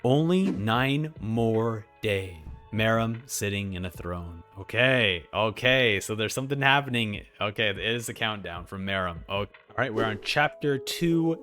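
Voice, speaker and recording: Excitable man reacting to a manga. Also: fairly low pitch, a little slow, hardly any pauses, soft background music. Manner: excitable, reads dialogue aloud, frequent laughs. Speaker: reaction video host. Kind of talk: casual commentary while reading manga.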